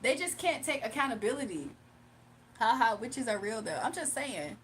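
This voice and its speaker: A woman, hosting a casual livestream as a tarot reader, animated and laughing often as she talks back to her chat. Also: on the high side, normal speed, a little hiss or hum.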